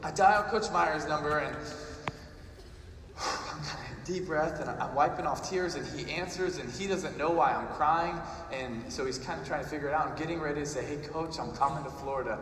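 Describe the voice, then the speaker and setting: A man's voice: a little high, a little fast, hardly any pauses, fairly bright tone. A man, giving a motivational speech and telling a story that builds to emphatic repetition. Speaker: guest speaker. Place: large arena. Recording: roomy arena echo, distant mic, noisy.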